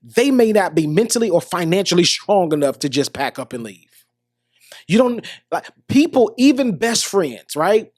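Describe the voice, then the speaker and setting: A man's voice: high-pitched, big pitch swings, normal speed, darkish tone, dry recording. Earnest male podcast host, dry sound. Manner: earnest, repetitive, restarts often, addresses listeners directly. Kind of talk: motivational monologue.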